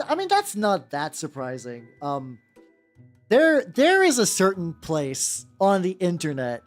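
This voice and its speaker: 30s woman streamer rambling along, low-ish voice that jumps around a lot, bit of music behind. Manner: rambling, self-interrupting, wry. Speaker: VTuber streamer. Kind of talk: casual chat while painting miniatures.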